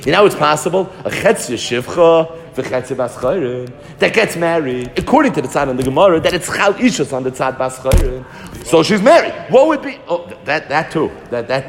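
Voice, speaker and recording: Animated man teaching Talmud, echoing hall. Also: fairly high pitch. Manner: animated, acts out the voices of commentators; repeats words as he builds arguments. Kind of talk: Talmud class lecture. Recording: long reverb in a hall.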